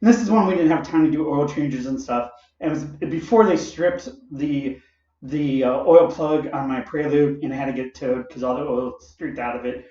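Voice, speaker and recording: A man's voice: a little high, normal speed, dark tone. A man casually telling a personal story in a rambling way, full of fillers and asides. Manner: rambling and digressive, with many fillers and laughs. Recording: roomy, distant and dull.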